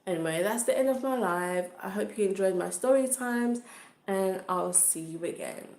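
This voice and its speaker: A woman's voice: mid-range voice, moderate pace, a little mellow. Woman, casual livestream storytelling, chatty, echoey room. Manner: chatty, with frequent fillers and "do you know what I mean".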